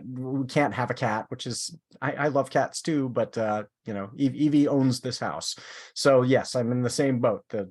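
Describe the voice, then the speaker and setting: Chatty male podcast host. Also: medium pitch. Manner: animated, many fillers and restarts. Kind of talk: casual chat.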